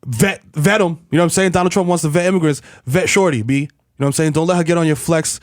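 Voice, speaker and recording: A man from the Bronx, co-hosting a podcast in casual comedic banter, full of quick jokes and slang. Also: fairly high pitch, dry recording, clean studio sound. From the Bronx, New York. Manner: quick jokey interjections, riffing on slang. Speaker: podcast co-host.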